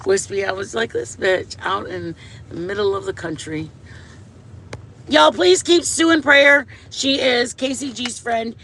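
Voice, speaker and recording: A man's voice: very high-pitched, a bit bright, slight background noise. A man hosting a casual livestream on wireless earbuds, gushing and affectionate, swearing playfully at his viewers. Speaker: livestream host.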